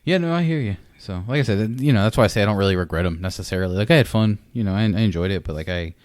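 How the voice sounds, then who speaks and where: A young adult man co-hosting a podcast, talking in a rambling, halting way, full of fillers and swearing. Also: lowish voice, no echo. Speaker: podcast co-host. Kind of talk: casual chat.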